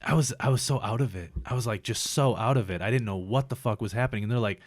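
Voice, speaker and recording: A man's voice: mid-range voice, fast, dry recording, studio quality. A man casually telling a story on a podcast, rambling and swearing freely as he animatedly relives it. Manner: profane, rambling, animated retelling.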